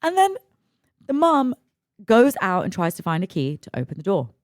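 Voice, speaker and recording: A woman, a podcast host telling a story in an animated, emphatic way and swearing freely. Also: medium pitch, normal speed, no room sound, clean studio sound. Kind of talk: casual storytelling.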